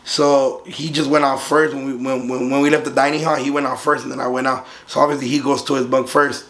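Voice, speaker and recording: Speaking fairly quickly at a medium pitch, this young vlogger from Southern California tells a casual, animated story. He curses freely and acts out the voices of the others in it.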